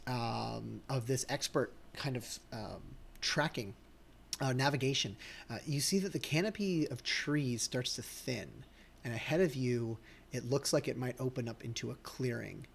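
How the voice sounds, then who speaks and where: A man narrating as game master of a tabletop game, hesitant, with many pauses. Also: mid-range voice, animated, vocal fry. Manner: hesitant, many ums and restarts.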